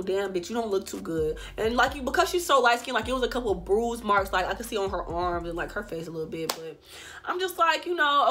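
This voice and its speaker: A young woman telling a story straight to her viewers, animated and full of profanity. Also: mid-range voice. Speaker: vlogger. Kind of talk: storytime vlog.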